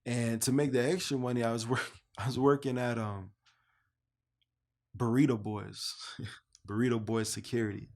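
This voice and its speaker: A young man from Canada speaks with a gravelly, slightly fried edge at an ordinary middle pitch. He tells his own story casually, and he jumps higher and louder when he acts out what people said to him. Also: moderate pace, pauses often. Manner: animated storyteller who acts out both sides of remembered dialogue in a higher voice. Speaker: podcast host telling his story. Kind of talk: casual personal testimony.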